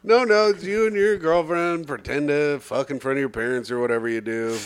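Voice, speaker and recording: Teasing young man, slightly high voice. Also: fairly quick, clear, resonant tone. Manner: teasing, crude jokes. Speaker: comedian and podcast host. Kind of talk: casual podcast banter.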